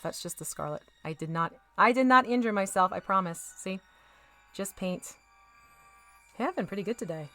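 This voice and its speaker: A woman's voice: low voice, fairly even intonation, normal speed, a bit bright, soft background music. A woman chatting casually with her live-stream audience while she paints miniatures, laughing often and sometimes drifting away from the mic.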